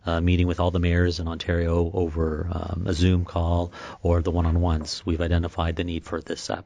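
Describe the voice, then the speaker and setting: A man who is a town mayor, guesting on a podcast and talking in a halting way with many fillers and restarts. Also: low voice, darkish tone. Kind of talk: casual interview talk.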